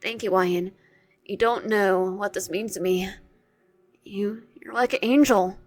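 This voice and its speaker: A woman voicing a shy, troubled teenage boy in a visual novel who speaks softly and stumbles over his words. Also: mid-range voice, fairly even intonation, a little slow, lightly acted. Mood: tearful.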